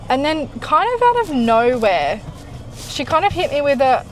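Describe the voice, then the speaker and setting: A young female vlogger with a high voice talks at normal speed from a parked car, soft music playing in the background of the low-quality recording. Chatty and animated, she tells a story, performs the dialogue and curses casually.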